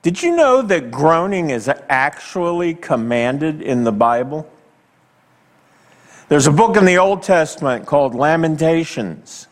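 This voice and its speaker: A male pastor preaching a sermon slowly and emphatically, with dramatic pauses, and asking the congregation direct questions. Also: a little high, animated. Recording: long hall reverb.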